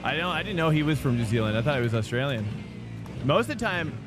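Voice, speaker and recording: A man's voice: a little high, very animated, quick pace, over music. A young man streaming a sim race live, rambling and chatting with viewers. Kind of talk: live stream chat while racing.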